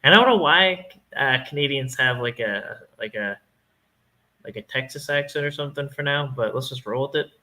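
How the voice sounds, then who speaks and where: A rambling trailer-park parent who fumbles through a shaky story with a bright, forward tone, as a man puts the voice on. The delivery is loose and halting, full of filler words. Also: mid-range voice, lively intonation.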